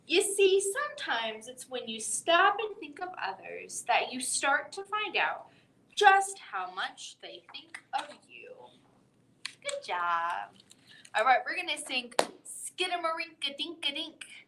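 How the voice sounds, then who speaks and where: A woman reads a children's picture book at bedtime in a high, bright voice. She takes her time and stretches the words with big, playful swings for the little listeners. Her voice echoes around a library room. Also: takes it slowly, slight background noise. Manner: expressive storybook voice, wide swings for effect. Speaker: library storytime host. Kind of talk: children's bedtime story reading.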